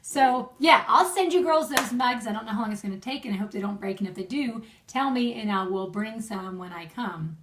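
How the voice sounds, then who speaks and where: A young woman talks chattily and laughs easily as she gives friends marriage advice. Her voice sits fairly high and sounds a little distant from the mic, as if recorded at home. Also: fairly quick, hardly any pauses, a little hiss or hum. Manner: warm, chatty, laughs often. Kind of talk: casual video message.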